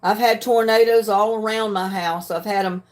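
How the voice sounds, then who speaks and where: A woman's voice: medium pitch, fairly even intonation, moderate pace. Frank older woman livestreaming. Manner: frank, plainspoken, clears throat often. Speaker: livestream host. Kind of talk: casual chat reading viewer comments.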